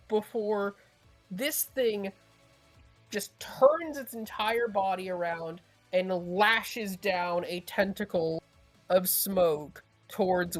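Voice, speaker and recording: A woman narrating a tabletop role-playing game as game master, describing the action and calling for rolls. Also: medium pitch.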